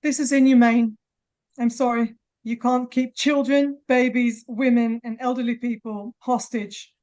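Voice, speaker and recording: A woman in her forties giving halting, emotional testimony at a press conference, holding back tears. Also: fairly high pitch, flat delivery, darkish tone. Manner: halting, with many restarts.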